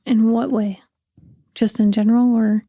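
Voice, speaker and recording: A woman talking on a podcast in a thoughtful, soft-spoken way, searching for her words as she opens up. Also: on the high side, flat delivery, measured pace, no room sound. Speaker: podcast guest, host's partner. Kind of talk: casual conversation.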